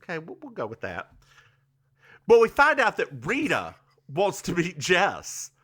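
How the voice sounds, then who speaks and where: A man co-hosting a podcast recaps a TV episode in a campy, giggly way. His voice is bright and swings widely in pitch. He takes his time over the story. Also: huge pitch swings, a little slow, husky. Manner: campy, giggly, recounts scenes with quoted bits. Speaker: podcast co-host. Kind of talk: casual chat recapping a TV episode.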